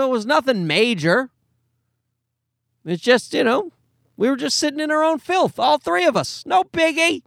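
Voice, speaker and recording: A man's voice: high voice, a bit bright, no echo, studio quality. A young man from Canada hosting a podcast, telling a rambling, profane story in casual monologue. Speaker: podcast host.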